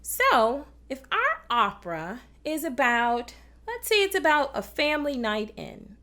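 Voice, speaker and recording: Speaking in a high-pitched, sing-song voice that's pushed and bright, at a measured pace, a woman introduces opera to children on a kids' TV show. Her music lesson is patient and encouraging toward viewers at home.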